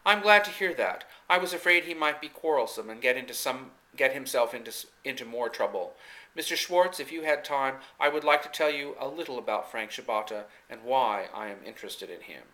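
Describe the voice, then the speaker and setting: A man's voice: mid-range voice, lively intonation, a little fast, bright, forceful tone, poor audio. A man reading as a shy, eager farm woman. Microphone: camcorder microphone.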